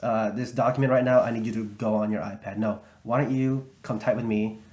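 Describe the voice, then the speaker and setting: A man's voice: on the low side, fairly even intonation, brisk, darkish tone. A man hosting a podcast, chatting casually and agreeing, thinking aloud with fillers.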